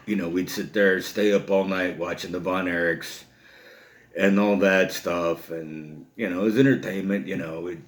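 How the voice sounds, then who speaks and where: A middle-aged man, telling an old story in a casual, rambling way, full of "you know.". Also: low voice. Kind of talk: casual spoken anecdote. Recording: roomy echo.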